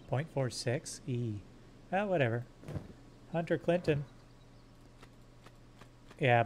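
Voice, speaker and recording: A man streaming a game live, joking crudely and swearing as he plays. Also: mid-range voice. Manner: hums silly sound effects. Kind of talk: live gameplay commentary.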